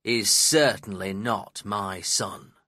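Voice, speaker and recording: A man voicing a gruff, scornful older male landowner in a storybook reading, speaking slowly, coldly and fiercely. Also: medium pitch, animated, pushed and bright, dry recording, studio quality, heavily acted. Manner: slow, fierce, cold.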